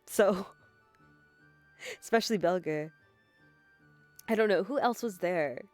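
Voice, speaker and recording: A young woman with a slightly low voice chats her way through a game stream. She rambles, giggles, swears and apologizes freely, holding her mic with no desk, with soft music in the background. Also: slow. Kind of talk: casual game commentary. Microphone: handheld mic, no desk.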